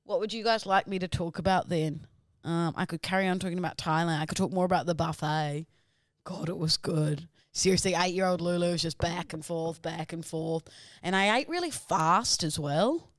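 A woman's voice: on the low side, moderate pace, no room sound, clean studio sound. A young woman co-hosting a podcast, chatting casually and gushing with giggles. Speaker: podcast co-host. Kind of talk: casual banter.

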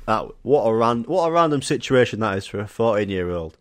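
A man's voice: mid-range voice, big pitch swings, normal speed, long pauses, no echo, studio quality. A young man with a Yorkshire accent hosting a solo podcast, telling school stories with laughter, swearing and acted-out quotes. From Yorkshire, England. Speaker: podcast host.

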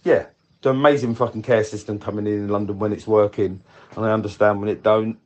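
A man leaving a rambling, candid voice message for a podcast, swearing casually as he talks. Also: medium pitch. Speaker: listener leaving a voice note.

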